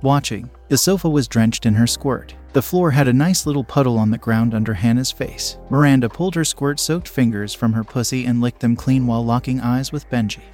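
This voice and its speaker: A man narrating an erotic story in a steady, unhurried reading. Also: medium pitch, faint music behind.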